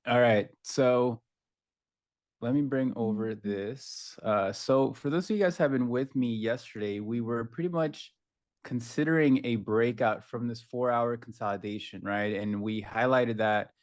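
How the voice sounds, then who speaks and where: A man trading live on a stream, explaining his trade plan and chart levels in a steady, explanatory way. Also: mid-range voice. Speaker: trader, guest. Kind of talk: live market analysis.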